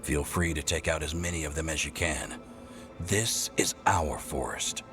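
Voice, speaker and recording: A man's voice: unhurried, music in the background. An actor playing a stern male elf ranger leader who guards his forest, speaking in a commanding tone in a video game. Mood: grim, determined. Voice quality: very deep, commanding.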